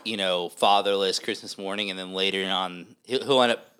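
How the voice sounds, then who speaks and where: A man with a smooth, resonant, lowish voice co-hosts a casual podcast. He thinks out loud and lays out his views at length. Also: steady tone, moderate pace. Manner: thoughtful, explains at length. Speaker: podcast co-host.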